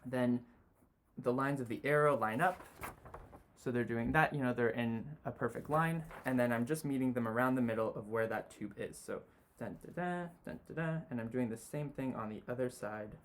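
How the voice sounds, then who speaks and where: A man walks through a sketch step by step as he draws, relaxed and unhurried. His voice sits in an ordinary middle pitch, and his talk is loose and full of small fillers. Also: slight background noise. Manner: relaxed, talks while drawing, many "you know" fillers. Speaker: design tutor. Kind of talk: sketching demonstration.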